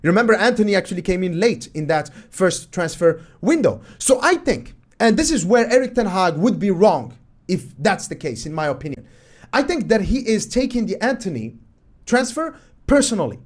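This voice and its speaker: A man with a fairly high voice talks through match footage as a football analysis host. He is emphatic and opinionated and keeps firing exasperated rhetorical questions. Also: very animated, normal speed. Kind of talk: commentary over match footage.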